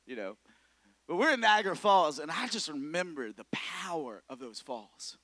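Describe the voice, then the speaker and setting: A young man preaching a sermon in church, energetic and building to shouts. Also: on the high side, normal speed, dry recording. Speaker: pastor.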